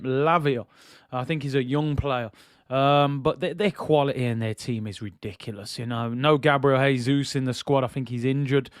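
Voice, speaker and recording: A man's voice: medium pitch, smooth, no echo, studio quality. A man hosting a live football watch-along, chatting casually in slang and reading out viewer messages.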